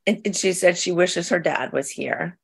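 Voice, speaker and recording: Woman co-host, lowish voice, chatty and questioning. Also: moderate pace, vocal fry, slightly rough. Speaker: podcast co-host. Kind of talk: casual chat.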